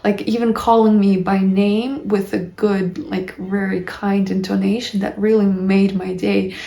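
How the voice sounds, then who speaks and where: A woman in her early twenties, an English teacher, tells a personal story candidly, emotionally and ramblingly, full of fillers and heavy on "like." Her voice is medium-pitched, warm and unhurried, with vocal fry and little pitch movement. The recording has a roomy echo and faint music behind it.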